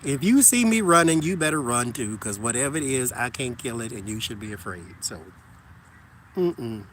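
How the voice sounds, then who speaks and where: A man casually chatting with his viewers while walking outside, animated and joking, talking to them as "y'all". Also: mid-range voice, normal speed, a little hiss or hum. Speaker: tarot reader chatting with live viewers.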